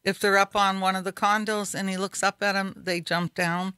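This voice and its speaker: A woman telling long stories on a radio talk show in a chatty, earnest manner. Her voice sits mid-range and sounds bright, with a dry close mic. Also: medium pitch, flat delivery, moderate pace, clean tone, dry recording. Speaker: radio co-host. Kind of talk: casual chat.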